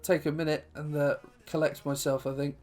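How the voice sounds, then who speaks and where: Young man, gaming host, self-commentary on a football game, out of breath, flat delivery, faint background music. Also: fairly high pitch, brisk. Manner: commentates on his own match, then recaps and signs off.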